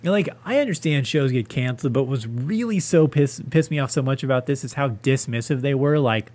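A man's voice: mid-range voice, animated, brisk, few pauses, darkish tone. A man hosting a solo comedy podcast, ranting with profane sarcasm.

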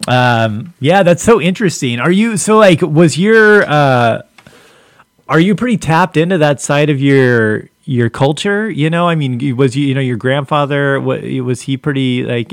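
A man's voice: on the high side, dry recording. A man hosting a podcast in casual chat, laid-back, laughing often and leaning on "like" fillers. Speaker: podcast host.

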